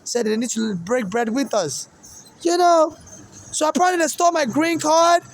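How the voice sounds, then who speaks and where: A man from Nigeria, whose accent combines Nigerian and American English, wanders through a personal monologue and keeps coming back to the same points. He speaks in a very high voice at a moderate pace, in a rough recording with slight background noise.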